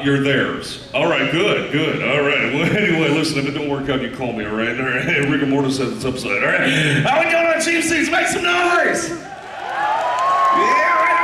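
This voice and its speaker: A man's voice: mid-range voice, slight background noise. An actor playing a crude, wisecracking male ghost showman who works a live theme park crowd with brash, sleazy jokes. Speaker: live show emcee. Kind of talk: live stage comedy, crowd work. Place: theme park stage show. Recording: echoey, distant crowd-camera recording with loud music.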